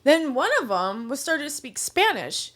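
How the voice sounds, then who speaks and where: Lively woman podcast co-host telling stories. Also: high-pitched, moderate pace. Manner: animated storyteller, stumbles over words. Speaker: restaurant server. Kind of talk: casual chat, storytelling.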